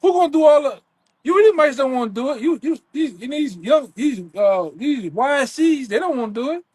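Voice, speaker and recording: A man joining in a live teaching session, talking in halting bursts and often restarting while he hunts for words. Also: very high voice, lively intonation, darkish tone, dry recording. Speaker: fellow preacher.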